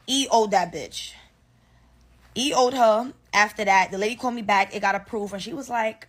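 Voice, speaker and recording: A woman's voice: a little high, normal speed, gravelly, fairly bright tone, husky. A woman telling a workplace story to her audience, casual and blunt, swearing and acting out both sides of an argument. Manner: blunt, swears freely, slangy.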